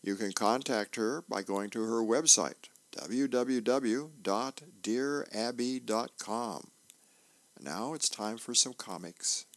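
A man reads the paper aloud for a radio reading service in a gravelly, mid-pitched voice. His delivery is plain and unhurried, with small slips along the way. The sound is dry and close, with no room in it. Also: no echo. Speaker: volunteer reader.

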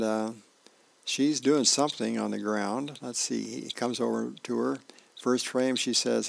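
A man, a volunteer reader, reading newspaper comics and birthdays aloud in a relaxed, homey way with small asides. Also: medium pitch, gravelly, no room sound.

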